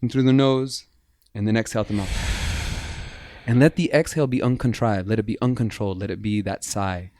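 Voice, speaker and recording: Man, bodywork healer, podcast guest, earnest, animated, guides breathing, dry sound. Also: on the low side, brisk, dry recording. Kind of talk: casual interview chat.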